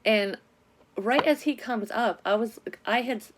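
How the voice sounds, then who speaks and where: A woman casually telling a personal story to camera, candid and animated, with frequent swearing. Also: a little high, a little slow, noisy background.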